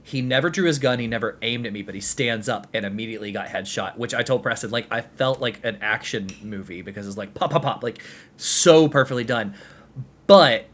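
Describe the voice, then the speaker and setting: A man co-hosting a casual podcast, recounting a gameplay moment with excitement and some laughter. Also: mid-range voice, a little fast. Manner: excited, laughs while telling story. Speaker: podcast co-host.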